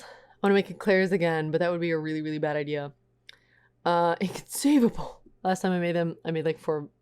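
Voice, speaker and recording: Casual woman streamer, a little low-pitched, chatting with her viewers. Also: a little mellow, smooth. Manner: chatty, reads chat aloud. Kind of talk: casual chat with live chat.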